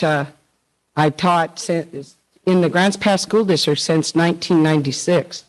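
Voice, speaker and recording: A woman's voice: lowish voice, fairly even intonation, measured pace, poor audio. A woman teacher giving an earnest tribute speech at a public meeting, emotional and close to tears, quoting poets and leaders.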